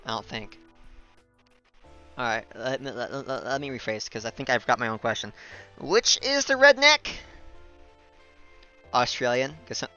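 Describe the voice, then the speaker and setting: A man's voice: mid-range voice, bright, forceful tone. A man chatting jokily with his viewers and narrating a visual novel aloud. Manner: chatty, jokey, talks to viewers. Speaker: voice actor reading a visual novel. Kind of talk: casual chat and game narration. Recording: dull lo-fi recording with faint music.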